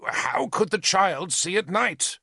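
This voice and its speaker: A man's voice: high voice, animated, slow pace, vocal fry, sharp tone, dry recording, studio quality, pitched above the performer's own voice, exaggerated voice. A man voicing an impatient, troubled old bishop who questions sharply. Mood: doubting.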